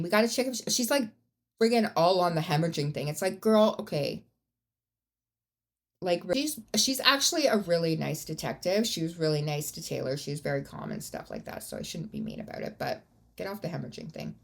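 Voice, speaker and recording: Gravelly-voiced woman, blunt and profane. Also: on the low side, sing-song, a little fast. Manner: profane, blunt and chatty, with rising outbursts. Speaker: podcast host. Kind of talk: casual true-crime storytelling.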